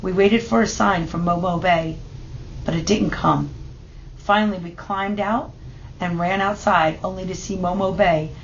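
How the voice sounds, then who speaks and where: A woman reading a children's picture book aloud in steady, measured narration. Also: lowish voice, lo-fi sound, a little hiss or hum. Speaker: storybook reader.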